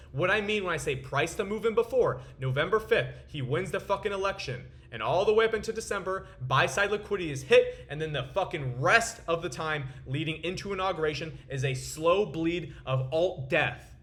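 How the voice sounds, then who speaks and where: Young man, crypto vlog host, high voice, profane, boastful ranting commentary. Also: a bit bright. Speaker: crypto trader and video host. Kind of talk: ranting market commentary to camera.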